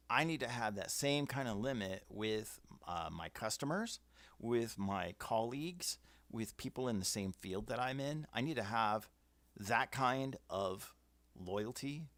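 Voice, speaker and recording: A man's voice: on the low side, a bit bright, dry recording. A man hosting a casual livestream, giving firm opinions and reading out viewer comments. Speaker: livestream host. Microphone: webcam setup.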